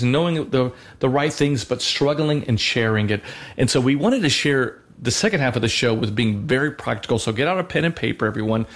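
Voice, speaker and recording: An earnest man in his thirties talks through a teaching on a Christian talk show. He speaks at an ordinary mid pitch, leaning on fillers and restarting his sentences as he thinks aloud. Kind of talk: conversational teaching.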